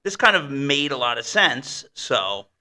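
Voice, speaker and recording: A man's voice: medium pitch, very animated, measured pace, pushed and bright. A man co-hosting a casual radio talk show, laid-back and laughing easily, with many fillers. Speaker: radio co-host.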